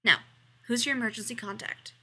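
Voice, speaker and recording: A woman voicing a grumpy male doctor with a Southern US accent, gruff and scolding. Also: a little high, quick pace, sharp tone.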